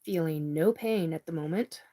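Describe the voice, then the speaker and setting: A woman's voice: low voice, moderate pace, warm tone. A woman hosting a live stream, chatting casually and reading out viewer comments, cursing freely when riled. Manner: chatty, swears when angry.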